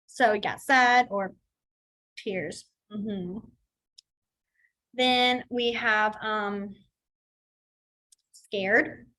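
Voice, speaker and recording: Extremely slow with long pauses, this young adult woman's medium-pitched voice is steady, bright and forceful, heard through a low-quality recording. She runs a casual online beginner sign language class, chatting with lots of fillers and voicing her feelings in acted-out quoted asides.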